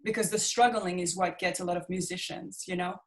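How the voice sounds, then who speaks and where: A woman's voice: lowish voice, fairly even intonation, fairly quick. Woman, musician guest, casual, frequent laughs, fillers. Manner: laughs often, hesitant fillers. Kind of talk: casual interview chat.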